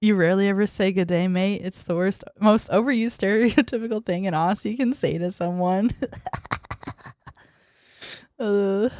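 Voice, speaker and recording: A woman's voice: medium pitch, normal speed, pauses often, a little mellow, no echo. Young woman vtuber chatting with chat, giggly and bratty, squeals a lot, dry close mic. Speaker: VTuber streamer. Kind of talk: casual livestream chat reading viewer messages.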